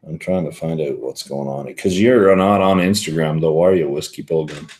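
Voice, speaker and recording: A man's voice: very deep voice, moderate pace, darkish tone. A man hosting a whisky livestream, rambling casually and answering viewer comments as he reads them. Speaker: whisky show host.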